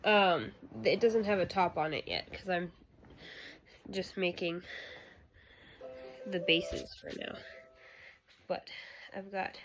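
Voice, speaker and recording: A woman's voice: fairly low pitch, slow, long pauses, music in the background, low-quality recording. A young woman chatting casually in a home craft vlog, rambling with lots of fillers and breaking off to play with her baby. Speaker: vlogger, crafter. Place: home room. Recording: home video with steady noise.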